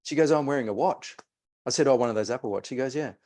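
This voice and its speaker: A man's voice: mid-range voice, very fast, warm tone. A man, a mindset coach telling a client story and guiding a breathing exercise. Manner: storytelling, re-enacts conversations.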